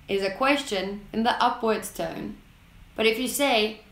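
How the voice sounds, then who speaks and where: A woman narrating an English lesson in a slow, deliberate way, reading out example sentences with clear enunciation. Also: on the high side, fairly bright tone, reverberant. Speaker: English teacher.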